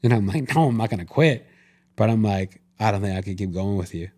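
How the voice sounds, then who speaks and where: A man's voice: fairly low pitch, fairly quick, warm tone. A man co-hosting a podcast, casually retelling an experience with lots of quoted self-talk and restarts. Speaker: podcast co-host. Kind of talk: casual conversation.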